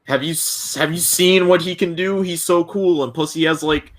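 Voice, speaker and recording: A man's voice: fairly high pitch, steady tone, moderate pace, a bit bright. A teenage boy co-hosting a podcast, rambling and joking with many fillers. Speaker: podcast co-host. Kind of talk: casual group chat.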